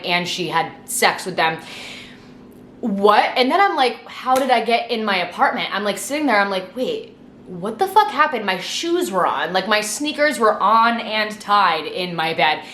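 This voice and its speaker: A woman's voice: mid-range voice, slight background noise. Chatty young woman in echoey room. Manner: chatty, swears a lot, animated retelling. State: tipsy from wine. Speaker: vlogger. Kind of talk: casual storytime monologue.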